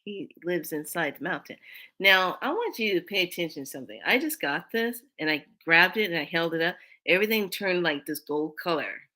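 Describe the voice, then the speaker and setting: Speaking briskly at a fairly low pitch, a woman hosting her own spiritual channel recounts something personal. Her telling is casual and lively, veering from loud bursts to hushed asides.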